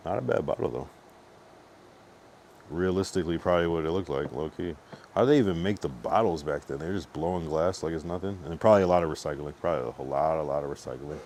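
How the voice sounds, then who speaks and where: Deep-voiced, tipsy, profane male streamer. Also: fast talker, a little mellow, a little hiss or hum. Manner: loose, profane, rambling commentary. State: tipsy from drinking. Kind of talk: casual late-night stream chat.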